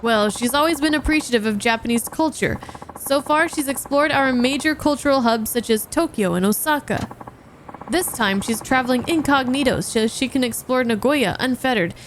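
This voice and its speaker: A woman's voice: sits high, moderate pace, a little hiss or hum, lightly acted. A woman reading a formal, polite male secretary. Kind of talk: reading game dialogue aloud.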